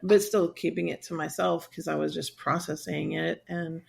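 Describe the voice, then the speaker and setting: A woman's voice: low-pitched, flat delivery, moderate pace, creaky, slightly rough. A woman in her sixties, a guest on an interview podcast, telling her story candidly and at length, sometimes acting out what people said. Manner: candid, rambling, acts out quoted voices. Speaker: guest, survivor advocate.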